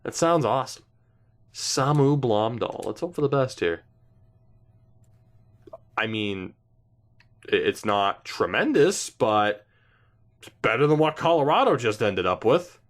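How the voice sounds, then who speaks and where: A young man giving casual, indecisive gameplay commentary, talking to himself and swearing now and then. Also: fairly high pitch. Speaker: gaming YouTuber.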